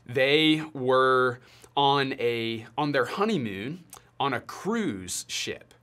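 A young man delivers a sermon to students, his voice sitting at an ordinary middle pitch. He talks slowly and deliberately, pausing between phrases to let each point sink in. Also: lively intonation, a bit bright. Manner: deliberate, measured delivery with pauses. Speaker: youth pastor.

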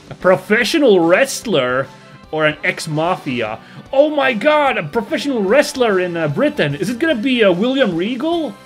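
A young man rambles cheerfully through his gameplay commentary, often doubling back to correct himself. His voice sits slightly high and bounces around a lot in pitch. Faint guitar music plays under him. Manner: rambling, self-correcting, chatty. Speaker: let's play host.

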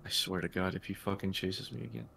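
A man with a lowish, gravelly voice chats his way through a game stream. He swears freely and steers his co-player through each step. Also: steady tone, fast, sharp tone, a little hiss or hum. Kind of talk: casual gaming chat.

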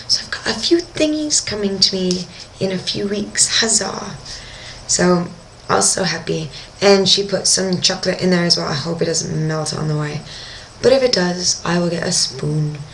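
A woman's voice: lowish voice, gravelly, fairly bright tone, slight background noise, rough recording. A young woman working as a dive instructor, telling a diving story in a casual video diary and acting out her own reactions.

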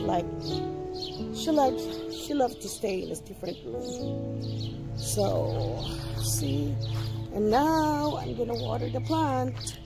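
Woman vlogger, slow casual phone-mic talk, fillers, sweet to her chickens, music playing behind. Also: a little high. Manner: chatty, hesitant, talks sweetly to her hens. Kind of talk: casual vlog commentary. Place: home backyard, outdoors.

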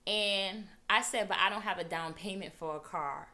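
Bright, animated woman vlogger; casual storytelling with lively acted-out quotes. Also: normal speed. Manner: animated, acts out quotes with big pitch jumps.

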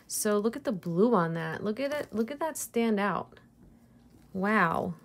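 Slow-talking gushing woman reseller. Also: medium pitch, animated. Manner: gushing, chatty, laughs at herself. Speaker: jewelry reseller vlogger. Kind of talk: casual unboxing chat.

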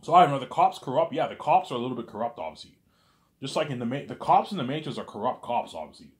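A man's voice: medium pitch, sing-song, quick pace. A man telling a rambling, casual story, stumbling over restarts and leaning on the same stock phrases again and again.

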